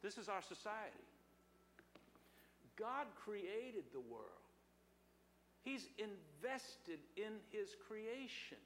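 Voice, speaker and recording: Male pastor, middle-aged, high voice, sermon with call-and-response; long church reverb. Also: a bit bright, slight background noise. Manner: preaching with call-and-response to congregation. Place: church sanctuary.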